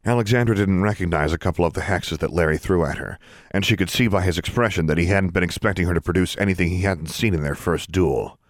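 A man narrates a fantasy novel in a low, deep voice with a steady storytelling rhythm. The recording is dry and close, with no room echo. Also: fast. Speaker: audiobook narrator. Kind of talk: scripted narration.

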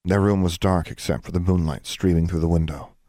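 Deep-voiced man reading a story aloud. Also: steady tone, fairly quick, mellow, no room sound, studio quality. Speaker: audiobook narrator. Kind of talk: scripted narration.

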